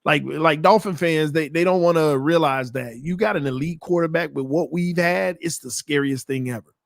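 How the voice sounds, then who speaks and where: A young man hosting a live watch party, calling plays and bantering with his viewers in casual slang, swinging between hype and low mutters. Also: normal speed, gravelly, no room sound, studio quality. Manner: excitable, jumps between hyped play-calling and low muttering asides. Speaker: sports watch party host. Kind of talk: live game commentary and chat.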